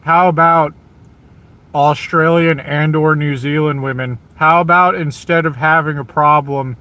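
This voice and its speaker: Vlogger, American man, slightly high voice, slow emphatic venting. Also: fairly even intonation, bright, forceful tone. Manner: repetitive, emphatic, exasperated. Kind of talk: ranting monologue to camera.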